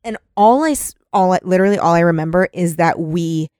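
A woman co-hosting a casual podcast, talking in an animated, profane way and laughing often. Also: lowish voice, a little fast, no room sound, clean studio sound. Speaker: podcast co-host.

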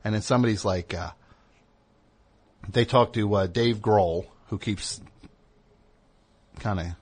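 A man with a fairly low voice hosts a comedy talk show. He rambles along, loose and digressive, full of ums and uhs. He drops into brief mock voices as he goes. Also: takes it slowly, a little mellow, husky. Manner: meandering, many fillers, mock voices for bits. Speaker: radio show host.

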